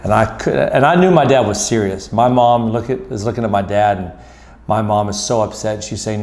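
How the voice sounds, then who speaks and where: A middle-aged man telling a personal story in an earnest, reflective way, with slow deliberate pauses. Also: lowish voice, darkish tone. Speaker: motivational speaker.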